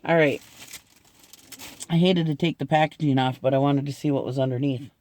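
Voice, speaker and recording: A man's voice: medium pitch, fairly even intonation, moderate pace, darkish tone. A middle-aged man chatting casually in an unboxing video, gushing and laughing often as he talks. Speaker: unboxing vlogger.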